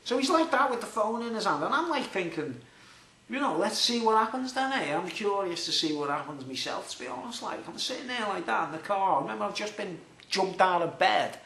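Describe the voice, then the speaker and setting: A man, chatty and animated, telling a long rambling story to his viewers. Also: high voice, brisk, vocal fry, roomy sound. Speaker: vlogger.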